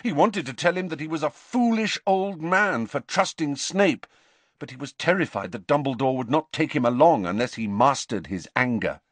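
Man narrating a novel; lively melodic read, dry studio sound. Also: fairly high pitch, normal speed, no echo. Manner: expressive, varied delivery. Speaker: audiobook narrator. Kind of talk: scripted narration.

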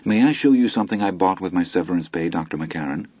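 A man's voice: low voice, expressive, fast talker, dark tone, husky, dry recording, dull audio. A man voicing a proud young woman, recently fired, who speaks in a precise and dignified way. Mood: rueful.

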